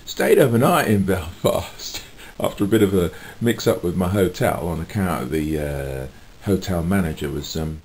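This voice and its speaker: A man's voice: sits low, moderate pace, darkish tone. A man casually chatting to camera in a rambling, chatty way, full of fillers and little chuckles. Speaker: vlogger and street musician.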